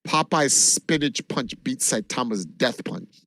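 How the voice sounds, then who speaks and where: A man from Jamaica, a livestreamer, telling a long story in an animated, casual way and swearing freely. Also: mid-range voice, measured pace, dry recording. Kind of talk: casual chat.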